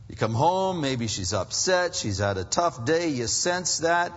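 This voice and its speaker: A man gives a casual, lively sermon aimed at married men, slipping into short acted-out exchanges. His voice has a slight husky edge. The recording is muffled and dull, with a long reverb trailing through a large hall. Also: a little high, measured pace, faint music behind. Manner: conversational preaching, animated, acts out husband dialogue.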